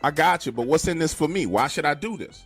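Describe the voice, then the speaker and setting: A man voicing a calm, menacing street tough who makes low threats. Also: fast talker, soft background music.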